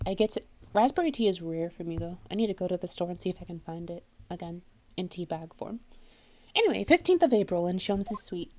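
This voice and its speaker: A woman streaming a story game, chatting in a rambling way and quick to laugh. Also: on the low side, expressive, a little mellow. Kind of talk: game let's-play commentary.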